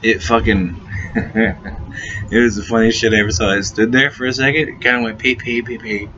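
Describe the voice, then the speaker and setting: Male storyteller, lowish and forceful, profane and giggly, faint hiss on a muffled recording. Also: fairly even intonation, normal speed. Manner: profane, laughing often, repeats and restarts words. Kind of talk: casual anecdote. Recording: dull lo-fi recording with faint noise.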